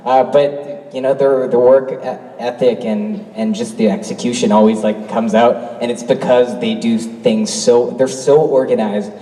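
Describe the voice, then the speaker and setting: A man's voice: mid-range voice, steady tone, dark tone. Canadian man on a panel, echoey hall. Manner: laughing, self-deprecating, quick asides. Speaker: convention panel guest. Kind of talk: casual panel chat. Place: large convention hall. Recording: roomy hall reverb from far off.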